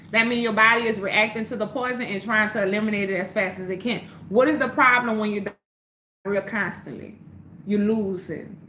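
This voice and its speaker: On a casual phone or webcam livestream where she sells herbal teas, a woman from New Orleans, speaking with its accent, responds to viewer questions bluntly, profanely, and preachily, repeating phrases to drive points home. Her fairly high voice is bright and forceful, recorded in a reverberant space with slight background noise.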